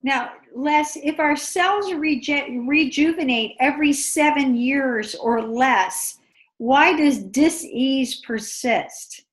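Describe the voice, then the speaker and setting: A woman hosting a radio health show, asking her guest brisk, curious questions. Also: high-pitched. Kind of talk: radio interview.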